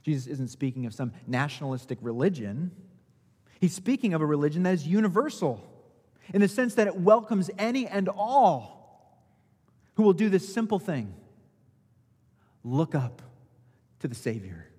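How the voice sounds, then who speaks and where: Male pastor, sermon delivery, slightly high, husky voice, long reverb. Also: big pitch swings, moderate pace, pauses often, darkish tone. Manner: rhetorical questions, rising and falling emphasis.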